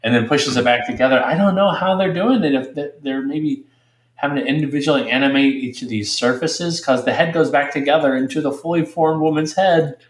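A man's voice: fairly high pitch, a little fast. A man co-hosting a movie podcast, reacting with unease in casual talk, sometimes hesitant. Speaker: podcast co-host. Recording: roomy echo.

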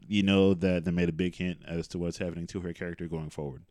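A man's voice: low-pitched, level tone, fast, a little mellow, no room sound. A man co-hosting a podcast in casual chat, steering the talk with dry teasing. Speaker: podcast co-host.

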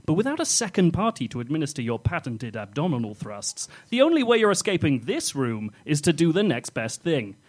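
A man's voice: a little high, big pitch swings, fairly quick, hardly any pauses. A man telling his own comic second-person story to friends, playful and often laughing.

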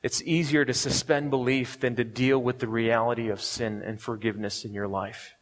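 A male pastor delivers a sermon in a relaxed, conversational way, chuckling often and checking in with his listeners. His voice sits at an ordinary middle pitch. The sound carries the long reverb of a large hall. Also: moderate pace. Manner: conversational, chuckles often, keeps asking "right?".

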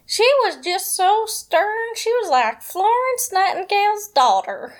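A woman's voice: extremely high pitch, sing-song, unhurried, voice pushed up, exaggerated voice. A woman doing an impression of a chatty middle-aged maintenance worker with a Southern US accent, drawling out a folksy story. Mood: amused.

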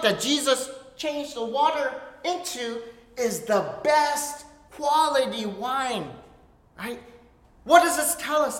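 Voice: mid-range voice, sharp tone, roomy sound, long reverb tail. A pastor preaching a conversational sermon and checking in with "right?" asides.

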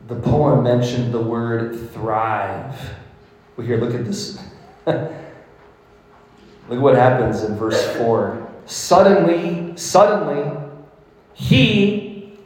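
Slow, emphatic priest in an echoey hall. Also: male voice, mid-range voice, steady tone, darkish tone, distant mic. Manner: slow, emphatic preaching with laughs and repeated phrases. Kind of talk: sermon.

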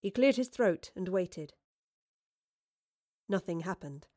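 A woman's voice: lowish voice, lively intonation, slow, mellow, no echo, studio quality. A woman narrating an audiobook, reading with expression and voicing the characters. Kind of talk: scripted narration.

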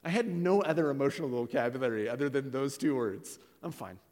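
A man's voice: medium pitch, expressive, quick pace, a little mellow. A middle-aged man, a pastor, preaching a candid, confessional personal sermon. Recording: long hall reverb.

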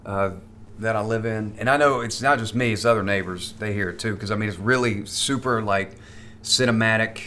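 A man's voice: on the low side, fairly quick, sharp tone, a little hiss or hum. A man, a stand-up comedian, chatting casually as a podcast guest, stammering and restarting often as he rambles.

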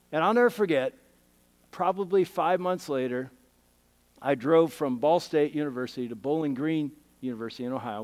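Man preacher, middle-aged, slightly higher voice, emotive storytelling sermon. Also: big-room sound. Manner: storytelling, swings from excited to hushed and tearful. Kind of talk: sermon testimony.

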